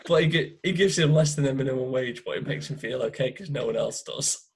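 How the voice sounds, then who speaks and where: A man co-hosting a podcast, chatting casually, swearing freely and slipping into quick mocking impressions. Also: mid-range voice, slight background noise. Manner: swearing, animated, mimics characters in ranting asides. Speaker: podcast co-host. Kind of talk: casual banter.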